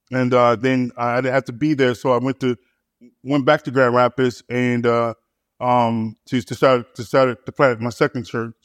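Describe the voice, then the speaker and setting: A man, a pastor, telling his story in casual conversation, halting with many repeated words and fillers. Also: medium pitch, clear, resonant tone, dry recording. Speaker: pastor and church planter.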